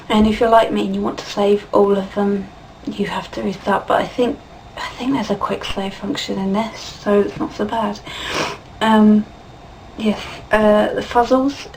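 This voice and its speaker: A woman giving a casual, chatty spoken game review, laughing often and filling pauses with ums. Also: mid-range voice, a little mellow, far from the mic, a little hiss or hum, low-quality recording. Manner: chatty and giggly, many fillers and laughs.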